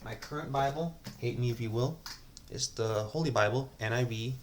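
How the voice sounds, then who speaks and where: A man's voice: medium pitch, moderate pace, slight background noise. A man talking casually to camera at home in a rambling, hesitant confessional, restarting sentences often. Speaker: vlogger.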